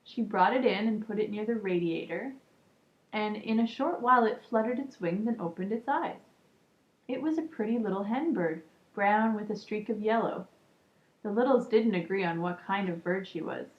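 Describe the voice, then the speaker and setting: A woman reading a children's book aloud calmly, adding casual asides. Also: mid-range voice, moderate pace. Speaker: storybook reader. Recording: echoey room, muffled lo-fi sound.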